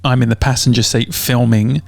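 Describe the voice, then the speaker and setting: A man's voice: mid-range voice, steady tone, moderate pace, gravelly, no room sound. A young Australian man hosting a casual podcast, telling a long story with lots of fillers and swearing. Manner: rambling storyteller, swears a lot, many fillers. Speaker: podcast host. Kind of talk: casual chat.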